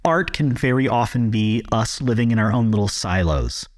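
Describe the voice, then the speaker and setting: A man's voice: lowish voice, lively intonation, moderate pace. A man hosting a podcast, talking earnestly and reflectively with a guest, with some hesitations. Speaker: podcast host. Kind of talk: casual interview chat.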